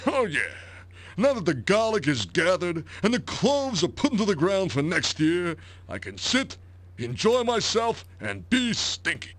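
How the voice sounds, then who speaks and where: A man's voice: high-pitched, very animated, a little slow, no room sound, heavily acted. An actor playing a cheerful, joking male village drinker in a video game, with a bubbly, singsong manner. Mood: jovial.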